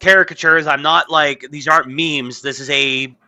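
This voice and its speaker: A man co-hosting a casual political podcast, blunt and excitable, who reads out news items and gets worked up when arguing. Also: on the high side, moderate pace. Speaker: podcast co-host.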